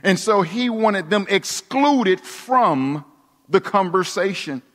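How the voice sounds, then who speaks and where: A high-pitched male preacher gives a dramatic sermon, dropping to near-whispers before rising again to emphatic declarations. He is animated but slow, with a fairly bright tone, and a long reverb makes him ring out as if in a large hall.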